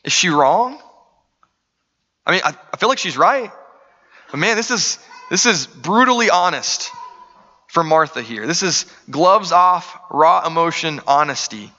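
A man's voice: a little high, animated, measured pace, pushed and bright. Man, pastor, sermon, earnest conversational preaching, dull muffled sound, long hall reverb.

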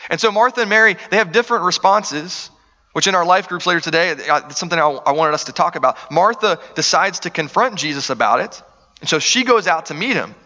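A man's voice: a little high, animated, brisk, bright, forceful tone, in a large hall, dull audio. A man preaching a sermon, earnest and conversational, asking the room rhetorical questions. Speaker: pastor.

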